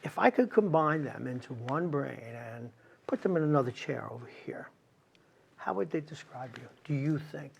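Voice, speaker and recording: A man's voice: medium pitch, expressive, moderate pace, gravelly, a little hiss or hum. A man hosting an interview who asks probing, reflective questions in a conversational way. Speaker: interview host.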